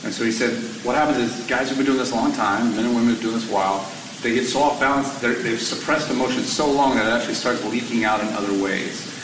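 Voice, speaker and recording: A man, a firefighter, tells his story to an audience in an animated way, his voice climbing toward a near-shout when he gets exasperated. He sounds distant from the mic. A roomy hall echo surrounds him, with faint background noise. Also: medium pitch, fast.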